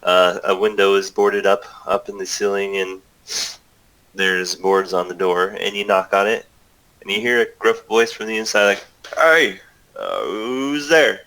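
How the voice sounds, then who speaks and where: A man's voice: deep voice, flat delivery, normal speed, a bit bright, poor audio. A man acting as game master, narrating a tabletop game in a loose, improvised way with many fillers.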